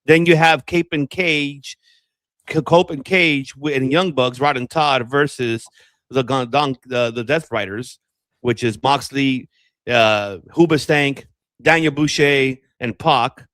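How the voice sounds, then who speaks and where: A man's voice: medium pitch, slow, a bit bright, no room sound. A man co-hosting a wrestling podcast, talking bluntly and casually, swearing freely as he reels off a match lineup. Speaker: podcast co-host. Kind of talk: casual wrestling debate chat.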